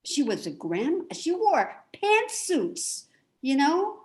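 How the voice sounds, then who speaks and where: A fretful, rambling woman voiced by an actress tumbles through a confessional stage monologue over a video call. She trips over her words and restarts her sentences again and again, in a fairly high voice. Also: huge pitch swings, full character voice. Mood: indignant. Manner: nervous, self-deprecating, halting restarts. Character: anxious rambling woman venting about her weight. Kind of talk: theatrical monologue.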